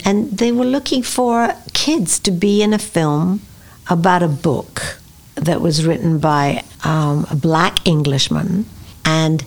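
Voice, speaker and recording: A woman in her seventies from Scotland, with a Scottish accent, telling lively stories as an interview guest. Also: on the low side. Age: 70s. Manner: lively anecdotes with acted-out quotes. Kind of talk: podcast interview, storytelling.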